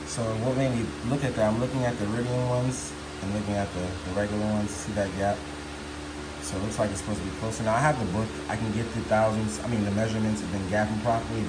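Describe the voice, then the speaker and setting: Brief: laid-back man with a lowish voice, rambling DIY bike vlog, noisy ambience. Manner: rambling, easygoing, many fillers. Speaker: motorcycle vlogger. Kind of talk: casual DIY repair vlog. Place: working on a motorcycle.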